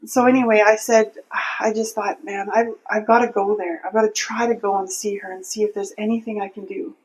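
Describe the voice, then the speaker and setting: A woman's voice: mid-range voice, level tone, a little fast, darkish tone, low-quality recording. A woman telling a personal faith story in an interview, earnest and heartfelt, often restarting her sentences. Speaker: interview guest.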